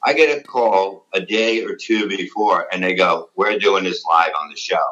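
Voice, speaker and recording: A man's voice: sits low, moderate pace, sharp tone, lo-fi sound. A middle-aged man, a comedian, telling stories in an interview in a rambling, profane way, acting out the dialogue he quotes. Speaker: comedian and radio guest. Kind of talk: candid interview storytelling.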